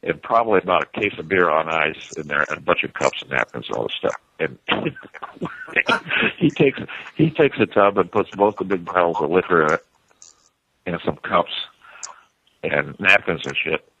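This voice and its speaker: A low, husky man on a muffled phone line, rambling through a story. His bright, forceful voice keeps breaking into laughter as he swears his way along. The sound is dry and dull. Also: very animated, normal speed. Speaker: guest calling in. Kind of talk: casual storytelling. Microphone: phone call.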